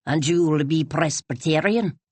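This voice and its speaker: Woman doing proud old highland scotswoman, highland scottish accent, low rich voice, formal lilting phrasing, dry close sound. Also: unhurried, darkish tone, slightly rough, no room sound. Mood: stately. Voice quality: rich, lowered voice.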